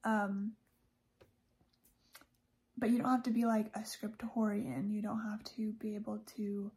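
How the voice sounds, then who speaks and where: A woman's voice: medium pitch, level tone, measured pace, mellow. A woman hosting a podcast, talking casually about a religious speech, chatty, with frequent laughs and fillers. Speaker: podcast host.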